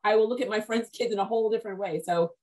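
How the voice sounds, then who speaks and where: A woman's voice: medium pitch, very fast, darkish tone, slight background noise. A woman hosting a podcast interview over a video call, chatty and rambling with many restarts. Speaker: podcast host. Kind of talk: casual interview chat.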